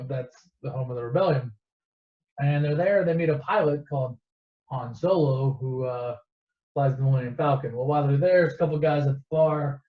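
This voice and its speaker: A man casually retelling a movie in a rambling, profane and sarcastic way. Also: a little high. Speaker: storyteller. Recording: echoey dull lo-fi recording.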